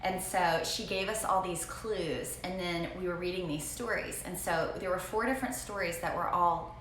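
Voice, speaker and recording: A middle-aged woman from Southern Alabama with a Southern accent, co-hosting a morning show and telling family stories in an animated, chatty way. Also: on the low side. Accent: Southern American. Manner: animated storytelling, quick asides. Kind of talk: casual chat. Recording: roomy echo, faint noise.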